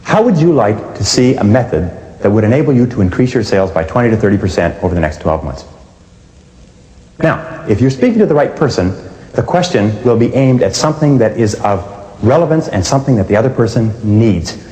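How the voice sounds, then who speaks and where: A man's voice: on the low side, very animated, brisk, mellow. A man giving a sales training lecture, speaking emphatically and acting out both sides of phone calls. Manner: emphatic, acts out phone dialogues. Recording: echoey hall with long reverb.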